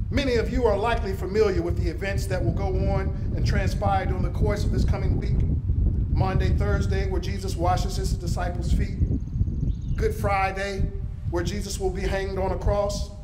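A man with a high voice delivers a dramatic first-person retelling of scripture in emphatic preaching style. His words ring around a roomy, echoing church sanctuary. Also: background noise. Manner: emphatic preaching delivery, raising pitch for quoted speech. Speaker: pastor. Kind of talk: first-person biblical character narration.

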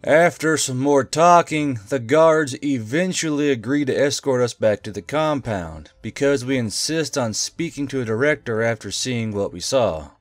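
A male text-to-speech voice reading a tabletop game story in an even, unhurried way. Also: mid-range voice, no echo. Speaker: narrator. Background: faint music.

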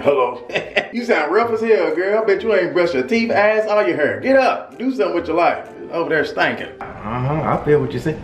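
Man, lively phone-call comedy skit, fairly high voice, roomy sound, faint music. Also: normal speed. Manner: animated, joking, talking on the phone in slang.

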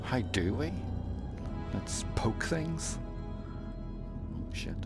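A man's voice: mid-range voice, very animated, very slow. A man playing a video game, joking and laughing in casual let's-play commentary on a headset mic. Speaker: gamer playing on stream. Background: game music.

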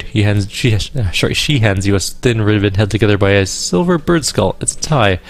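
A man hosting a let's play, reading game dialogue aloud in a casual, quick way with dry asides, with faint game music behind him. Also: lowish voice.

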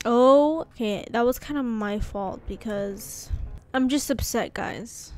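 A woman hosting a gaming channel, talking through gameplay in casual commentary, excitable and rambling, often breaking into exclamations. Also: on the high side, slow, faint music behind.

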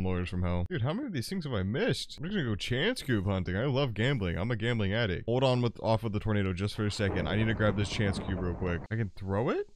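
A young man giving crude, joking running commentary while playing a game, with sudden loud outbursts. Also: on the low side. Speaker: gaming YouTuber. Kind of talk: casual gameplay commentary.

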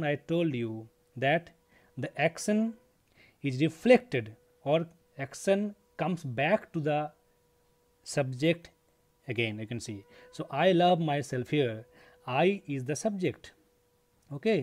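A man's voice: on the high side, darkish tone. A man teaching an English grammar lesson to his students, explaining step by step, repeating key points and checking in with a frequent "okay".

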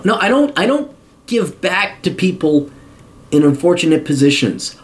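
A man's voice: high voice, very animated, normal speed. A man giving blunt, profane advice to a viewer, swearing heavily and repeating his points for emphasis. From United States. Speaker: host answering a viewer question. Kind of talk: profane advice rant to camera.

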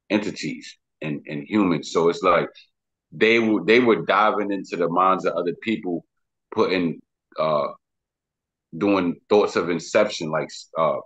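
A Bronx rapper with a New York accent talks through an interview in a loose, slangy, emphatic ramble. His voice sits low and husky. The sound is dull and lo-fi. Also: fairly bright tone. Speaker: rapper guest. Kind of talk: casual interview talk.

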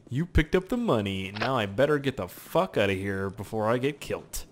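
A young man giving casual, profane gameplay commentary with sudden loud outbursts. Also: lowish voice, expressive, brisk, a little hiss or hum.

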